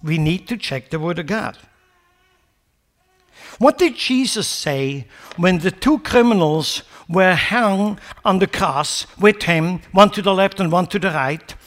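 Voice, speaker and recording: High-voiced male preacher. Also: animated, a little slow, fairly bright tone. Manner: rhetorical questions, rising to emphatic peaks; sarcastic paraphrase of scripture. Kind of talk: sermon.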